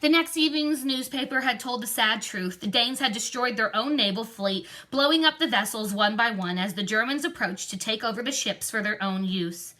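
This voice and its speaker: A woman's voice: a little high, moderate pace, hardly any pauses, pushed and bright. A woman reading a children's novel aloud expressively, with occasional slips and restarts. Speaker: reader.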